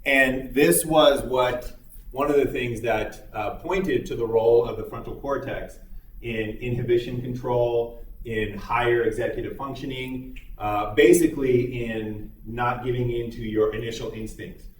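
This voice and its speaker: A man's voice: mid-range voice, steady tone, unhurried, a little hiss or hum. A man lecturing a psychology class in a conversational, explanatory way with occasional fillers. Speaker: psychology instructor. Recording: echoey room, mic far off.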